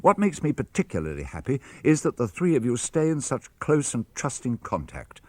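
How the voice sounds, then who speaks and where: An older man with a British accent reading a father's letters aloud for radio, measured and expressive. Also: medium pitch, no echo. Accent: British English. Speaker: reader of letters.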